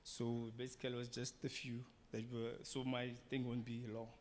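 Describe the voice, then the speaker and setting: A man's voice: medium pitch, monotone, normal speed. A man gives a hesitant summary of a training day to a group, with many ums. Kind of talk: workshop presentation. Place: training room. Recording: echoey room with faint noise.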